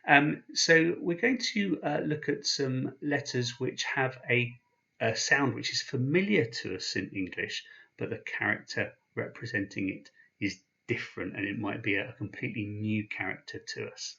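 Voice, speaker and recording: A man teaching a language lesson, patient and slow, pausing after each sound he spells out. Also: mid-range voice, vocal fry, pushed and bright, lo-fi sound. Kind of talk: explaining slowly, with pauses.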